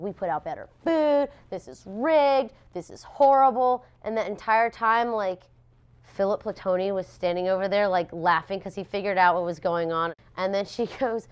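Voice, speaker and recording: A young woman, a pastry chef, telling stories in a casual interview, animated and laughing often as she acts out what people said. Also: mid-range voice, smooth.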